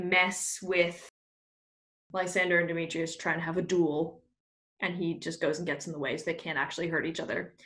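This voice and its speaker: A young woman tells a play's plot in lively casual chat, breaking into laughter and switching voices to act out the characters' quips. Her mid-pitched voice sounds echoey, as if she is in a bare room. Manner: animated, laughing, swearing, acts out lines. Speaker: podcast co-host.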